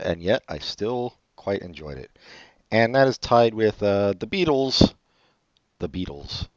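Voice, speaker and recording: Deep-voiced sarcastic man, lo-fi audio. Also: dry recording. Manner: sarcastic, teasing, trails off quietly. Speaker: podcast co-host. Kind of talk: casual chat. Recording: dull lo-fi audio.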